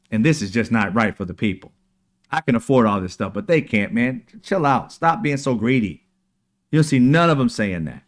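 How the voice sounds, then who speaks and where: Man, political commentary host, heated, sarcastic, preachy, swearing, mid-pitched voice.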